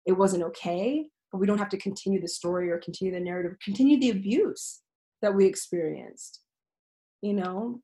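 A woman's voice: mid-range voice, fairly quick, dark tone, low-quality recording. Frank, earnest woman talking casually. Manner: earnest and frank, swears freely, laughs easily. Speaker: teacher, podcast guest. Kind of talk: casual, candid interview talk.

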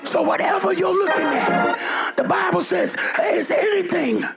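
A man preaching a sermon in a high, gravelly voice. He shouts with fervor, mixes in humor and keeps calling on the congregation to answer back. Loud music plays behind him the whole time. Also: a little slow.

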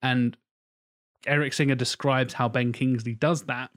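A man's voice: medium pitch, steady tone, a little slow, fairly bright tone. A man co-hosting a casual podcast chat, rambling with many fillers and the odd swear. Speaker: podcast co-host.

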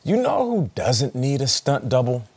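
Lively, playful man breaking down game film. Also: mid-range voice, moderate pace, husky. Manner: playful, builds jokes then narrates film excitedly. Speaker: football show co-host. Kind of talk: animated sports segment breakdown.

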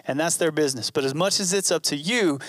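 Male pastor, earnest and conversational, repeats lines for emphasis; voice on the higher side. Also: quick pace, fairly bright tone, no room sound, studio quality. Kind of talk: sermon.

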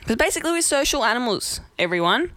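A woman in her 20s hosts a casual vlog, a bit drunk and rambling to camera in a chatty, self-deprecating tipsy rant. Her fairly high voice is sing-song and fairly bright, moving at a quick pace with no echo.

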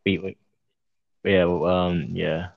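Lower-voiced young man, joking slang. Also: flat delivery, slow, creaky, narrow, tinny audio. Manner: joking, slangy, calls people "bro". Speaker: friend in conversation. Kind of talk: casual chat.

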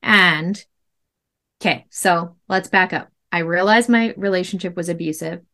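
A woman's voice: fairly low pitch, a little slow. A woman in her thirties telling her own story as a podcast guest, candid and emphatic, full of "like" fillers. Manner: animated, emphatic, many "like" fillers.

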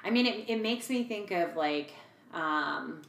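Podcast co-host, woman, 40s, lowish voice, animated storyteller, echoey room. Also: measured pace, vocal fry. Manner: chatty, animated retelling with fillers and quoted voices. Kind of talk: casual chat.

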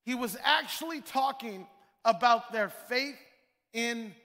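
A man's voice: extremely high pitch, slow, sharp tone. A male pastor preaching a sermon in a church, emphatic and repetitive, full of rhetorical questions. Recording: long reverb of a large hall.

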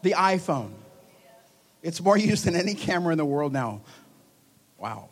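Animated male preacher, lively and joking. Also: on the high side, normal speed. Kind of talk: charismatic sermon. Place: church hall before a congregation.

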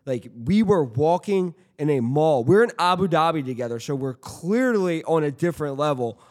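A man's voice: on the high side, expressive, moderate pace, a little mellow. A man in casual chat with friends, teasing and profane, pressing the same question again and again.

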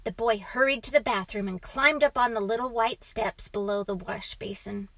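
A woman's voice: fairly high pitch, moderate pace, low-quality recording. Woman reading a children's story aloud. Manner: calm, even storytelling. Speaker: narrator.

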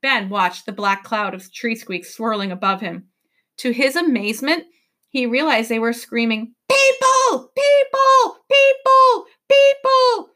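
A woman teacher reading a novel aloud to her class with expressive storytelling delivery. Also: a little high, normal speed.

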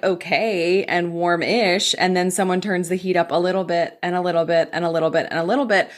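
An American woman in her thirties, a physician assistant, telling a personal story candidly with quick bursts and frequent "like". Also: on the low side. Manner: candid, animated, fast bursts with filler likes.

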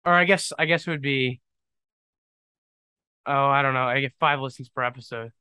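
A young man hosting his own podcast, thinking out loud in a rambling, self-deprecating and joking way. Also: mid-range voice, moderate pace, clear, resonant tone, no room sound. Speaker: podcast host. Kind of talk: casual solo podcast monologue.

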